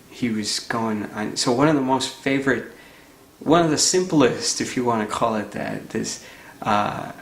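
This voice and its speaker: A man tells a story in an earnest, loose, conversational way, pausing on fillers as he goes. His mid-pitched voice has a gravelly catch to it. The recording is roomy, with a faint hum of ambience behind him. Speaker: nonprofit founder. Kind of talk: storytelling talk.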